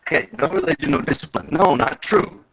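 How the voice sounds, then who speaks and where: A man's voice: on the high side, wildly swooping pitch, brisk, creaky, noisy background. A man on a video call in a heated casual live chat, emphatic, repeating himself and swearing.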